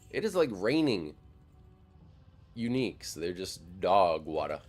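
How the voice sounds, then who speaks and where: A man's voice: low voice, big pitch swings, measured pace, pauses often, faint music behind. A young man from Wisconsin streaming a game and chatting casually with viewers, rambling with lots of fillers and swearing. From Wisconsin, near Madison. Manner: rambling, profane, full of "like" fillers. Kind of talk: casual live-stream chat while gaming.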